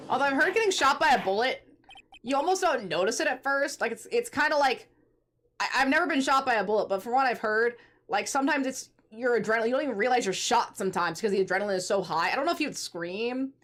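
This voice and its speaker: A woman's voice: a little high, lively intonation, fast talker, a bit bright. A woman streamer chatting casually about a game she is playing, rambling and restarting her sentences. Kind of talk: casual live-stream commentary.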